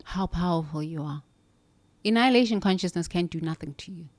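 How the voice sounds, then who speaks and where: Speaking briskly in a lowish voice, a woman delivers a sincere, coaching self-help reflection, posing questions and supplying her own answers with steady earnestness.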